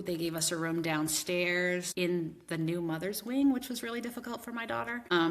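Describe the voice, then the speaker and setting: A woman advocate in a podcast conversation, telling a painful family story earnestly, with many restarts. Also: fairly low pitch.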